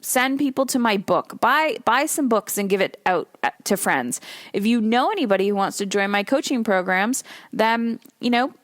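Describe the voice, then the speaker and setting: A woman hosting her own podcast, talking solo in an animated coaching tone. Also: fairly high pitch, moderate pace, dry recording, clean studio sound. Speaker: podcast host.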